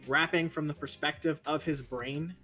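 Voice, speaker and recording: A young man co-hosting a casual chat, ranting in an animated, opinionated way. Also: a little high, moderate pace, faint music behind. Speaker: co-host.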